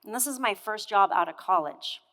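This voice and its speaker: A woman's voice: medium pitch, expressive, a little fast, sharp tone. A woman in her thirties giving a motivational keynote on stage, telling a story with energy and putting questions straight to the audience. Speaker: keynote speaker. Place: conference hall stage. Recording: echoey hall with long reverb.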